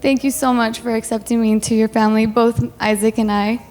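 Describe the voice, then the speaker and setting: A woman's voice: fairly high pitch, flat delivery, a little fast, darkish tone, soft background music. A woman giving her wedding toast as the bride, emotional and fighting back tears, laughing between lines. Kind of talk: heartfelt wedding speech.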